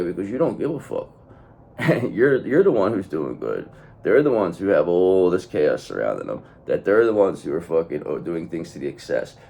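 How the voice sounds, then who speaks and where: A man's voice: deep voice, gravelly, dark tone. A man giving a blunt, profane tarot reading to his viewers, hammering points home by repeating the same phrase. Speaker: tarot reader.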